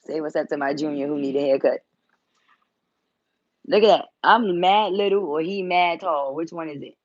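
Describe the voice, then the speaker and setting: A woman's voice: low-pitched, moderate pace, no echo, dull audio. Blunt woman chatting on a home livestream. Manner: blunt, teasing, swears freely. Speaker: tarot reader and channel host. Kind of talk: casual livestream chat.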